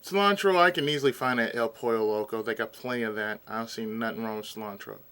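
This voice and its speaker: Bright-voiced ranting man. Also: mid-range voice, fast, clean tone. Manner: exasperated, ranting, eats while talking. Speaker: vlogger. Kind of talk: casual ranting commentary.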